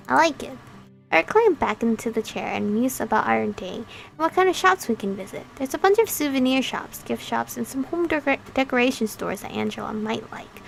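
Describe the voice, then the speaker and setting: A woman's voice: on the high side, vocal fry. A woman reading a visual novel aloud as its heroine, breaking off for playful, chatty asides. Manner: playful, chatty asides between read lines. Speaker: game channel host.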